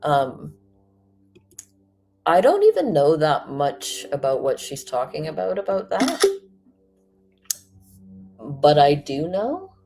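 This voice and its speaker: A woman's voice: low-pitched, wildly swooping pitch, slow pace, pauses often, over music. A woman hosting a stream, giving mocking, sarcastic commentary on a video clip. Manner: sarcastic, mocking, laughs often. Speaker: host reacting to a video.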